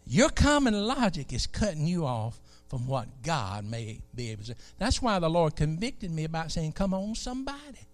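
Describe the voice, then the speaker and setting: A man from South Alabama with a Southern accent, preaching a sermon in a folksy, animated way. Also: a little high, normal speed, hardly any pauses.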